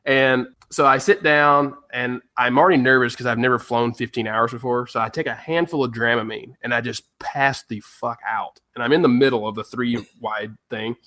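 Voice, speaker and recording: Tennessee-raised male podcast co-host, ranting storyteller, animated, swears, mid pitch. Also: normal speed, few pauses. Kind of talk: casual storytelling chat.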